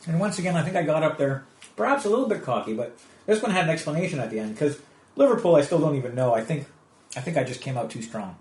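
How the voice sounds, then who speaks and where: A man's voice: fairly high pitch, expressive, fast, darkish tone. Canadian man telling comedy stories. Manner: rambling storyteller with many restarts. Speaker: guest comedian. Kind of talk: casual podcast interview. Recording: echoey room.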